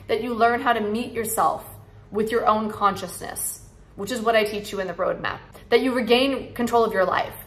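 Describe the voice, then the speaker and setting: A woman's voice: a little high, fairly bright tone. A woman in her thirties, a sobriety coach, talking straight to her viewers in an earnest, encouraging way and repeating affirmations. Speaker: sobriety coach and channel host. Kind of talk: heartfelt direct-to-camera talk.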